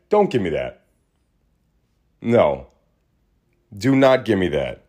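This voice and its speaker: A man hosting a podcast in a small studio, talking in an animated, ranting way that drops to low mutters. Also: slow pace, long pauses. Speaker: podcast host. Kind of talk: casual ranting monologue.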